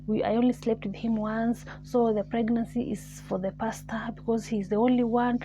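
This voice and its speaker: A woman's voice: on the high side, little pitch movement, normal speed, warm tone, slight background noise, close to an everyday voice. A woman voicing a young woman who pleads and acts innocent. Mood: pleading. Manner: falsely sincere, pleading.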